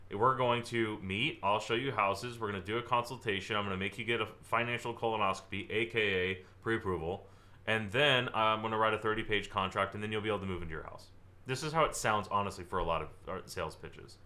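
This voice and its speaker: Lively young male sales trainer, bright tone, likes to exaggerate. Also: on the low side. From Southern California. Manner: energetic, acts out client dialogue, exaggerates for effect. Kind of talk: live online training presentation.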